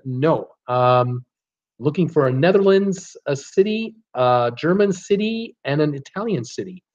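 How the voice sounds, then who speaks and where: A man's voice: medium pitch, a little mellow, lo-fi sound. A man hosting a casual live-stream trivia quiz, reading out viewers' guesses with lots of ums and uhs and chuckling at his own jokes.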